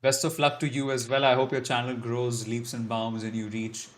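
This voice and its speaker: A man's voice: medium pitch, flat delivery, moderate pace, a little hiss or hum. A man hosting a casual live-stream Q&A, reading out viewer comments and answering them with chatty, self-deprecating humor. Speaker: YouTube live stream host.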